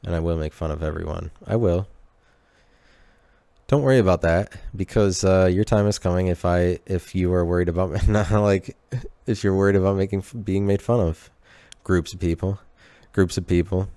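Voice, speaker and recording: A man with a low, smooth, clear voice rambles through a comedic podcast monologue. He keeps restarting his sentences and talks to himself with irony. The sound is dry and close. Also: steady tone, normal speed, warm tone, dry recording. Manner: rambling, restarting sentences, ironic self-talk. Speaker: podcast host.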